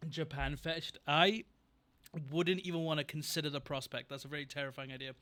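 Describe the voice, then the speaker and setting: A man's voice: on the high side, steady tone, a little fast, pushed and bright. A young man chatting casually on a livestream, rambling, getting distracted and thanking viewers from chat. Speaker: streamer.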